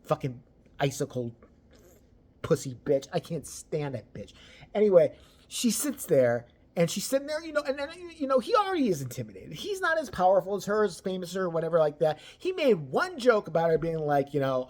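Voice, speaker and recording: A person ranting about celebrity gossip, crude and mocking, swearing constantly and swinging between loud outbursts and low mutters. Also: sing-song, normal speed. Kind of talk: profane ranting commentary.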